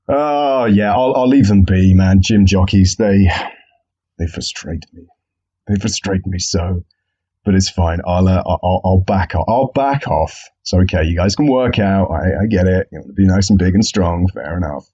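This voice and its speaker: A man's voice: deep voice, normal speed, mellow, husky. A young man hosting a podcast in a comedic solo monologue, sarcastic and swearing a lot. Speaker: podcast host. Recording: dull lo-fi sound.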